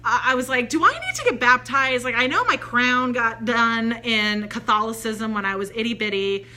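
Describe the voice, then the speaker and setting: Chatty woman telling a spiritual story, bright highish voice, does little voices for the people in it. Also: moderate pace. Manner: chatty, animated, quotes voices in her anecdotes. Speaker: spiritual channeler. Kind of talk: casual storytelling.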